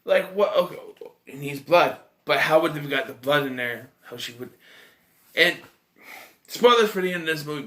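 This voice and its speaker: A young man rambles through a casual movie review with incredulous, rhetorical questions and many restarts. His pitch swoops widely as he talks. His tone is bright and keyed up.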